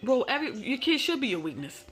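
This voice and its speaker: A woman's voice: high voice, big pitch swings, fast. A woman hosting a reaction commentary, bluntly scolding and giving emphatic advice. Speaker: host.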